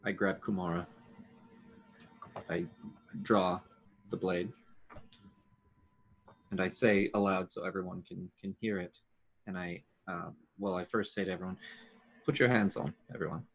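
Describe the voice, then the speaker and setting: Deep husky man role-playing. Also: level tone. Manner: slow, deliberate, announcing actions. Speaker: player. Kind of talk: tabletop role-play chat.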